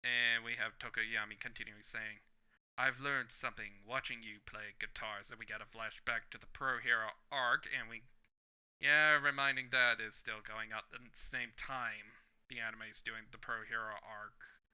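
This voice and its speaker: A man's voice: medium pitch, flat delivery, normal speed, sharp tone, clean tone. A man hosting a manga reaction video, describing each panel in turn and reading the lines aloud in a casual way, in a slightly dull lo-fi recording. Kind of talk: casual manga read-along commentary.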